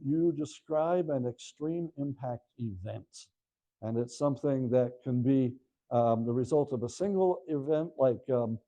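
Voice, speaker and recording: An older man lectures to a live audience about his book, with a deep, mellow, dark timbre. He tells stories in a relaxed, conversational way and keeps turning to the crowd with quick asides. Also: rough recording. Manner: chatty storytelling with asides to the audience. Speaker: author giving a book talk.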